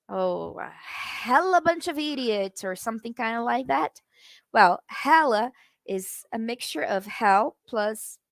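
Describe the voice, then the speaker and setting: A woman teaches English on a live stream in a fairly high voice, taking her time over each phrase. She chats with her viewers and greets them as she reads their comments. Her voice sits close and dry, with no room echo around it. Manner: chatty, addresses viewers in the comments. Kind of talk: live-streamed language lesson.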